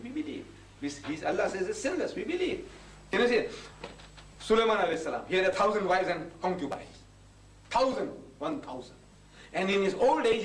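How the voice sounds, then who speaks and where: A man giving a religious lecture, pressing the audience with emphatic rhetorical questions. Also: high-pitched. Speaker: Islamic preacher. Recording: echoey room from a distance, faint ambience.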